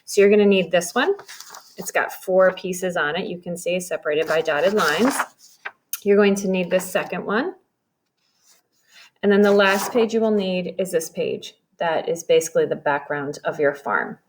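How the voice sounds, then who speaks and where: A woman teacher giving a recorded lesson to young children, explaining slowly and patiently. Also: lowish voice, background noise. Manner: patient, slow and explanatory, addressing kids directly.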